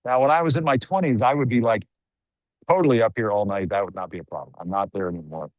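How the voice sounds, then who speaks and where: A man's voice: fairly low pitch, fast, dry recording, narrow, tinny audio. A middle-aged man reporting live on the scene outdoors at night, conversational with wry asides and some fillers. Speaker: news show host reporting live. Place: outdoors at night among a crowd.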